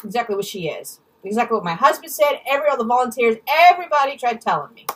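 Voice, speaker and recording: A woman's voice: on the high side, lively intonation, fast, far from the mic, a little hiss or hum, poor audio. A woman ranting angrily and bluntly in a storytime vlog, swearing freely and mimicking other people's words. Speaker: vlogger.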